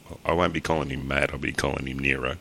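A man's voice: very deep voice, fairly even intonation, fast talker, vocal fry, sharp tone, slight background noise. A man with an Australian accent co-hosting a podcast, with short, dry remarks. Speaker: podcast co-host. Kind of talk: casual chat.

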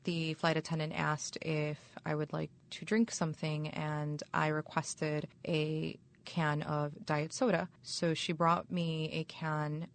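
A woman, a university chaplain, recounting a personal experience in a measured, polite way. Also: low voice.

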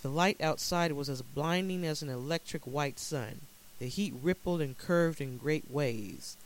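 Higher-voiced man narrating a dark story. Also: low-quality recording. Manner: dramatic, measured storytelling.

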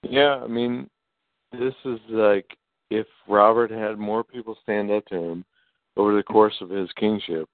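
A man's voice: lowish voice, fairly even intonation, a little slow, dry recording. A man co-hosting a podcast, giving wry, blunt commentary in casual chat. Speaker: podcast co-host. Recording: tinny phone-like line.

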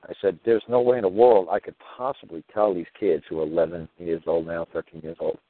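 Low-voiced guy ranting and swearing on his show, sounds like a tinny phone line. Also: fairly even intonation, brisk, slight background noise. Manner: rambling, profane, heated storytelling with quoted dialogue. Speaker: podcast host. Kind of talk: casual monologue.

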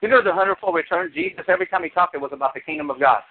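A man preaching a sermon as pastor, animated, with sudden high exclamations. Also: rapid-fire, gravelly. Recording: tinny phone-like sound.

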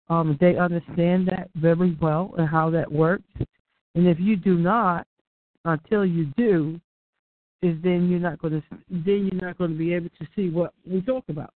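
A man earnestly explaining his point on a group voice call, in halting phrases. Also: high-pitched, fairly even intonation. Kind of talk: casual chat on a group call. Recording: tinny phone-like call audio.

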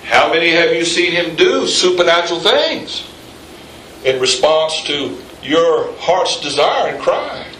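A man's voice: a little high, lively intonation, a little slow, bright, forceful tone. A pastor in mid-sermon, talking casually and then building to emphatic peaks, throwing questions out to the pews. He is picked up from some distance in an echoey room, with a faint hum of ambience behind him. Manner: conversational, rising to emphatic peaks, quizzing the congregation.

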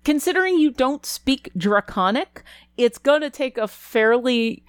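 A woman's voice: high voice, animated, unhurried, clean tone, no room sound, clean studio sound. A woman running a tabletop game as game master, describing scenes and asking the players what they do.

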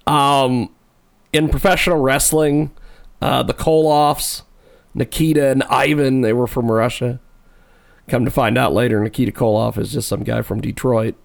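A male talk radio host with a gravelly, creaky voice. He chats casually with his guest, rambles and pokes fun at himself, and laughs often. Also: medium pitch, steady tone, normal speed.

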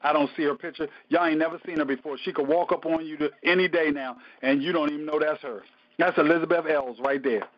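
A man's voice: on the high side, steady tone, fast talker. A man, a pastor, teaching a Bible study in a conversational preaching style, emphatic and colloquial, often repeating phrases and breaking into praise. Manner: casual colloquial speech. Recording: dull lo-fi recording.

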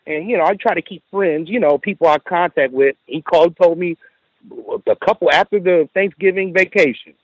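A man's voice: high voice, fairly quick, dry recording, muffled recording. A man calling in to tell a story from work, acting out the lines of others and often saying "you know". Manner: animated retelling with quoted dialogue, frequent "you know". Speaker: caller. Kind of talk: casual storytelling.

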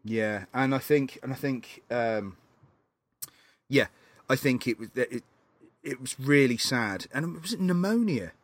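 A man's voice: mid-range voice, unhurried, long pauses, no room sound. Laughing man chatting about films. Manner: animated, laughs often, acts out film scenes. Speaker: podcast co-host. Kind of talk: casual film chat.

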